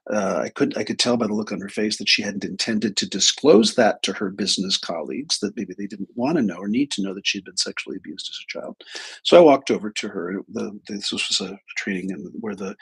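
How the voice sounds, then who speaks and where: A man's voice: lowish voice, vocal fry, fairly bright tone, husky, low-quality recording. A man giving a casual live talk, telling stories in a flippant, irreverent way. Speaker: speaker and trainer.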